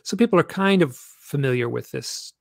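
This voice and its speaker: A man, a guest author, telling stories in an animated, rambling way with many restarts. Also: on the high side, normal speed, vocal fry, no room sound, clean studio sound. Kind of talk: storytelling interview chat.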